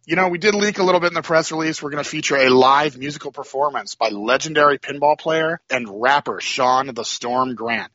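A man's voice: fairly high pitch, fairly quick, hardly any pauses, pushed and bright, dry recording, highs cut off. A man, a tournament organizer giving upbeat promotional hype in casual chat.

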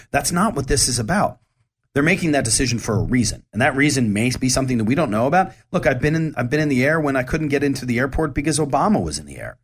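A man talks straight to his listeners. His voice sits at an ordinary middle pitch, and his delivery is candid and rambling, with plenty of false starts and restarts. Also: expressive, fast, breathy edge. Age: 40s. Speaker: show host. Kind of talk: casual monologue.

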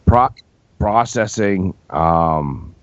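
A man's voice: low-pitched, animated, very slow, no echo, lo-fi sound. A man co-hosting a podcast, joking and swearing casually while he has the hiccups. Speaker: podcast co-host. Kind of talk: casual chat.

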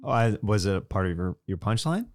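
Comedian guy on a podcast, low smooth voice, dry close mic, easygoing and laughs a lot. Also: expressive, brisk, darkish tone, dry recording. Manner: laid-back, easygoing, laughs often. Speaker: comedian guest. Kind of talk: casual podcast chat.

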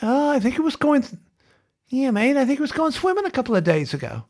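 A laid-back Aussie bloke, put on by a man, talks in a high, twangy drawl with a broad, exaggerated Australian accent. He sounds offhand and unbothered. The voice sits much higher than the speaker's own and carries a gravelly edge. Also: big pitch swings, fast talker, a little mellow, heavily acted. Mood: casual.

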